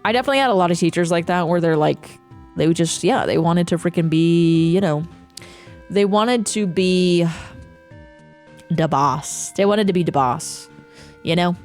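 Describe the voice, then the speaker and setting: Young woman streamer, casual profane rant, low-pitched, faint music behind. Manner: animated, profane, quick ranting with laughs. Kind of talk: casual stream chat, reading chat aloud.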